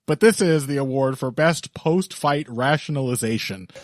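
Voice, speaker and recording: A man's voice: mid-range voice, expressive, normal speed, dry recording. Chuckling male podcast host, dry sound. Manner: laughs often, rambling with restarts. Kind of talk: casual podcast chat.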